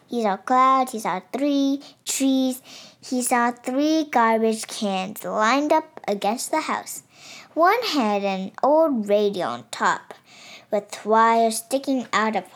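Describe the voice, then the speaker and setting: A woman reading a children's picture book aloud with steady, clear storytelling. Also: on the high side. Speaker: story reader.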